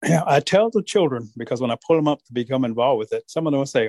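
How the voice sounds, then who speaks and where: A man who is a storyteller, telling folk tales in an animated way during an interview. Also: mid-range voice, very fast, hardly any pauses, no echo.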